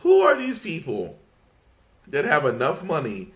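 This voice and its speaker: Man, casual podcast rant, rambling with restarts, lively swooping pitch. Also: unhurried. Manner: mocking, fights off laughter. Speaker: podcast host.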